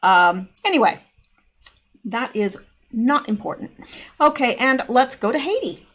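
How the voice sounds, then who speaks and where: A woman's voice: on the high side, sing-song, unhurried, fairly bright tone. A middle-aged woman hosting casual video commentary, chatty and full of rambling asides. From Canada. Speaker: channel host.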